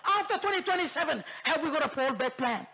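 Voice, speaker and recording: Woman, Papua New Guinean accent, parliamentary speech, impassioned, gravelly edge. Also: high voice, lively intonation, quick pace, pushed and bright. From Bougainville, Papua New Guinea. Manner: fiery, repetitive, rallying. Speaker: member of parliament. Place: parliament chamber.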